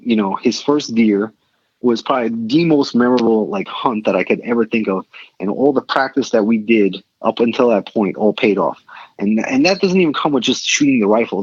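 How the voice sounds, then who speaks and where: A middle-aged man, a podcast guest, telling a story casually and animatedly, with quick excited bursts. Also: medium pitch, breathy edge, no room sound. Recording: dull lo-fi sound.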